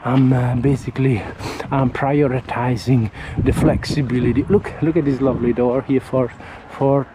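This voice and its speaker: A man in the middle pitch range gives a casual walking vlog in a loose, friendly ramble. He trips over words and starts again as he points at houses and gardens. Passing cars and street noise sit clearly behind him outdoors. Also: fairly even intonation, moderate pace, few pauses. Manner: rambling, chatty, friendly, often restarts. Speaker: vlogger. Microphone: handheld camera while walking.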